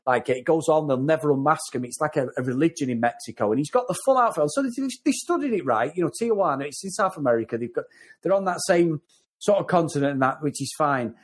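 Mancunian male podcast co-host, rambly, animated delivery, mid-range voice. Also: on the high side, fast talker, husky. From North West England. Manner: rambling and animated, repeating words as he goes. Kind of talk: casual film review chat.

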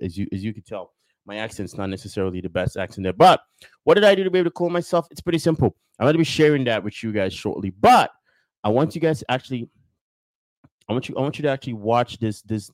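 With the cheerful energy of a salesman, a male podcast host rambles through a casual episode, circling back on himself and using many fillers. The recording is dry.

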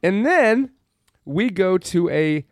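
Slow yet animated, this man's high-sitting voice comes through a studio-quality recording with no echo. He co-hosts a podcast, giving a casual, sarcastic movie recap laced with profanity and mocking impressions.

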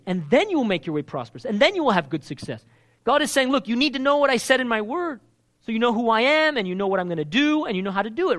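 A man preaching a sermon, asking the congregation questions and acting out the lines he quotes. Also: very high-pitched. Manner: animated, asks the crowd questions, acts out quoted lines.

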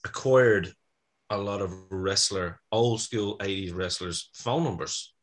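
A man's voice: deep voice, slow. A man in his fifties with an Irish accent, co-hosting a podcast and telling stories in a casual chat. He laughs often and swears freely. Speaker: podcast co-host.

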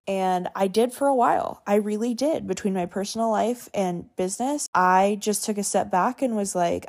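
A woman's voice: medium pitch, normal speed, hardly any pauses, a little mellow. A woman in her twenties hosting a solo podcast, speaking in an earnest, heartfelt and frank way with some casual swearing. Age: 20s. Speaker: podcast host. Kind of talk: candid solo podcast talk.

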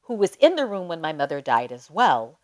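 A woman guest on a podcast, telling a personal story in a casual, animated way and leaning often on "like". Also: deep voice, moderate pace. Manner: animated, emotional storyteller who leans on "like".

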